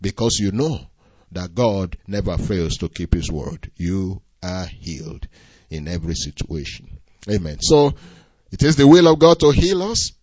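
A man's voice: sits low, big pitch swings, a little slow, darkish tone, no room sound. A man preaching a sermon in an emphatic, repetitive cadence, often adding "you see". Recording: dull lo-fi recording.

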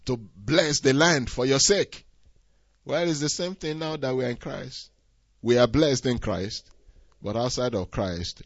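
A man preaching a sermon, swinging from quiet asides to loud, rising exhortation. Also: medium pitch, no room sound. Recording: dull, slightly lo-fi dry recording.

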